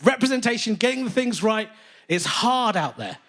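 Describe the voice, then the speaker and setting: A British man doing stand-up on a theatre stage, animated, profane and mock-indignant. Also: very high voice, moderate pace. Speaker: stand-up comedian. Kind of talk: stand-up comedy. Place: theatre stage with live audience.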